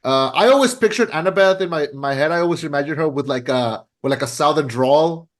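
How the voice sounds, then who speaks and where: A young man with a slightly high voice, talking loosely as a podcast host. He rambles, fills every pause with "like" and "uh" and trips over his own restarts, in an easygoing casual chat.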